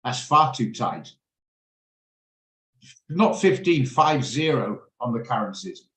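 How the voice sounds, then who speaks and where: Hosting an online trading session, this man chats casually in an animated, slightly bright voice of medium pitch, speaking slowly. He's blunt and rambles off topic, and the video-call audio carries a roomy echo.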